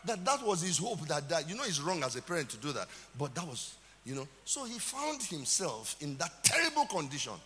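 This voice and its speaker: A man's voice: on the high side, very animated, brisk, hardly any pauses, sharp tone, big-room sound, a little hiss or hum. A man with a Nigerian accent, a pastor preaching a sermon with dramatic emphasis and calls out to the congregation.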